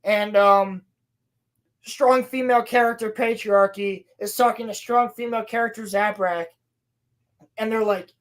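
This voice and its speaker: A podcast co-host with a slightly high, steady voice rants profanely and exasperatedly about a show she's recapping on a casual podcast, tossing in quick acted quotes.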